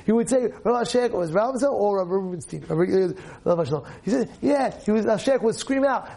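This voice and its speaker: A man, a rabbi, giving a Torah class, animated, firing rhetorical questions and repeating phrases for emphasis. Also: sits high, fast talker, gravelly, few pauses.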